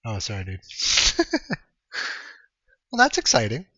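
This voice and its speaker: A young man from Canada streams a game and chats with viewers in a relaxed, profane way. His voice is bright and forceful, and it sits close and dry on a dull, lo-fi stream mix. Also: medium pitch, takes it slowly, no echo. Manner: laid-back, swears freely, chuckles while answering chat. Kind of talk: casual live-stream chat.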